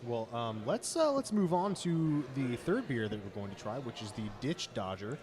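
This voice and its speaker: A man's voice: mid-range voice, big pitch swings, moderate pace. A man hosting a beer tasting show, reading beer descriptions and chatting with enthusiasm. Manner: enthusiastic, reads descriptions smoothly. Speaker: podcast host.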